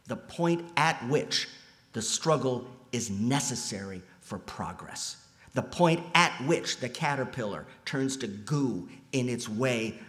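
A man delivering a sermon in a church, alternating between loud, emphatic lines and soft, almost whispered ones. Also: mid-range voice. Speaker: lay preacher. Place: church sanctuary. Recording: long hall reverb.

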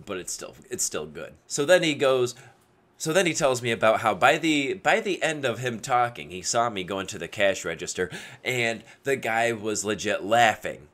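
A man spinning a story for his viewers with a bright, forward voice. His pitch swings widely as he laughs his way through it and clips his curses short. It is a casual, chatty vlog delivery. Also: normal speed. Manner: animated, laughs often, cuts off swear words mid-word. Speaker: video creator giving dating advice.

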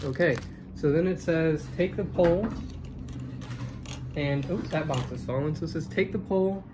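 A man vlogging casually at home while assembling a stand, talking to himself and getting frustrated. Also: a little high. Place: room at home. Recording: noisy room sound.

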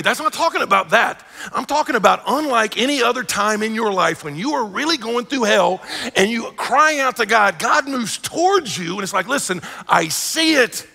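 Animated pastor in a reverberant hall. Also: male voice, on the high side, creaky. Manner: animated storytelling with acted-out quotes. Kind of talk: sermon. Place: church sanctuary. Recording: live church hall reverb.

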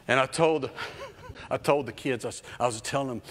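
A man's voice: mid-range voice, steady tone, moderate pace, slight background noise. Fiftyish guy preaching from a church stage, punchy repeats, big echoey hall. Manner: emphatic and repetitive, building with rising intensity. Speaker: children's pastor. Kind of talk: sermon.

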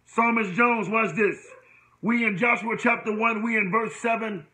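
A man's voice: high voice, steady tone, a little slow, bright, forceful tone, poor audio. A man preaching a sermon with an impassioned, call-and-response cadence on a livestream.

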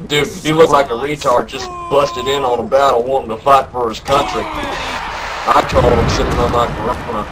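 A man voicing a rambling young Southern good-ol'-boy who drawls through a story and bursts into yelled quotes, over game voice chat. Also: mid-range voice, lively intonation, normal speed, noisy background, close to an everyday voice. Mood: tall tale.

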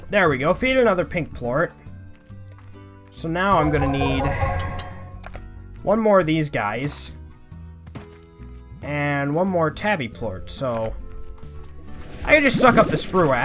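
Young man, gaming commentary, playful and chatty, swings in pitch, faint background music. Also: sing-song, a little slow, long pauses. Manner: playful, chatty, talks to the game creatures, mild swearing. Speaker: gaming YouTuber. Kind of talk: casual let's-play commentary.

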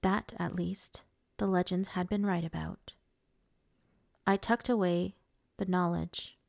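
Женщина, читающая аудиокнигу с хрипотцой. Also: female voice, on the low side, steady tone, slow pace, vocal fry, long pauses, a little mellow, dry recording, clean studio sound. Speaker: audiobook narrator. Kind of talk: first-person audiobook narration.

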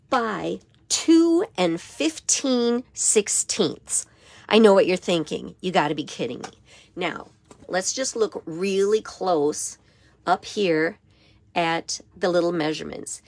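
A hoarse woman with a raspy voice giving a step-by-step papercraft tutorial in her craft studio. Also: fairly low pitch, expressive, slow, a little mellow, dry recording. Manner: step-by-step instruction with frequent okays. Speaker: papercraft demonstrator.

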